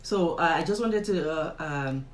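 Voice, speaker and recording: A woman's voice: sits low, a little slow, reverberant, very noisy. A young woman with a Nigerian accent, a vlogger chatting emphatically to her viewers and laughing often. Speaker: vlogger interviewing her father. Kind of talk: casual commentary to the camera.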